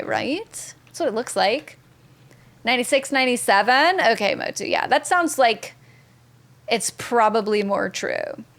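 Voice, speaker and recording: A woman streaming a video game live, chatting excitedly and reading viewer messages aloud. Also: on the high side, slight background noise. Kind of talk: live gameplay commentary.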